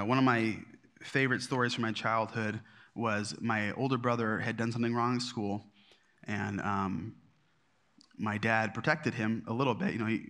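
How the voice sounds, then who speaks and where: A man's voice: on the low side, a bit bright. A middle-aged man teaching a marriage class at church in a conversational, self-deprecating way, with many fillers and restarts. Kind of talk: casual teaching talk.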